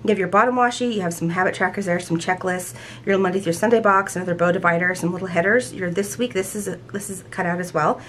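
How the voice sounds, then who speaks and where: A woman's voice: fairly low pitch, fairly even intonation, fast, a bit bright, slight background noise. A woman hosting a planner channel, talking casually and enthusiastically as she shows off stickers, often restarting her sentences. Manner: enthusiastic, rambling with frequent restarts. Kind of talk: casual show-and-tell haul.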